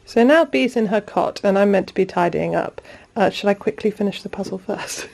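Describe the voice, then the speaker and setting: A woman's voice: medium pitch, a little fast, creaky, a little mellow. A young mother filming a casual home vlog, chatting to camera and coaxing her toddler in a sing-song voice. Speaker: vlogger and mum.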